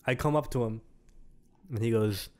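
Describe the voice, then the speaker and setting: A man's voice: medium pitch, normal speed. A young man co-hosting a casual podcast, telling a story and acting out the other people's lines. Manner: animated storyteller acting out quotes. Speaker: podcast co-host. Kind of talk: casual chat.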